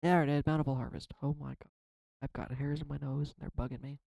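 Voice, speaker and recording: A man's voice: on the high side, level tone, fast talker, creaky, mellow, dry recording, poor audio. A man in a casual spiritual vlog, pulling and reading oracle cards, talking in a reflective and rambling way, emotional and swearing now and then. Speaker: tarot card reader.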